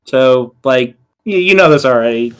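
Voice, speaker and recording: A man's voice: mid-range voice, expressive, moderate pace, smooth. A man playing a tabletop game, casually rambling through rule explanations with lots of fillers. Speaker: player.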